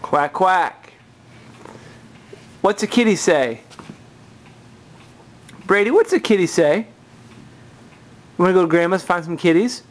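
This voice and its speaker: A woman's voice: fairly low pitch, lively intonation, moderate pace, long pauses, a little hiss or hum. A woman in a home video, coaxing her toddler with sing-song baby talk, at home. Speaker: parent filming her toddler.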